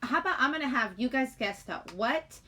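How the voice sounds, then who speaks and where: A middle-aged woman chats on a livestream in a fairly high voice. She rambles, giggles and greets viewers in the chat as she talks. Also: lively intonation, a little fast, pushed and bright. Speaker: livestream host.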